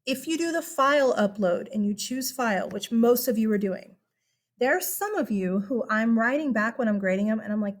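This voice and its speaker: A high school history teacher with a fairly high, animated voice gives casual instructions for an online class at a moderate pace. She's chatty and upbeat, laughing now and then and using plenty of fillers.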